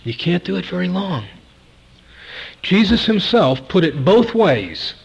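A man's voice: high-pitched, very animated, a little slow, vocal fry, husky. Emphatic preacher, a man, on lo-fi tape. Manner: emphatic, repeats key words, swings between loud and soft. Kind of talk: sermon.

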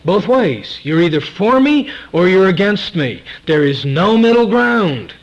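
A man's voice: high voice, big pitch swings, a little slow. Emphatic preacher, a man, on lo-fi tape. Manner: emphatic, repeats key words, swings between loud and soft. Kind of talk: sermon.

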